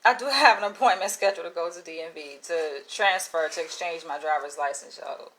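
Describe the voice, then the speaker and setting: A woman vlogger telling a casual story in an animated, exasperated way, peppered with slangy "yo". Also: on the low side, a little fast, low-quality recording.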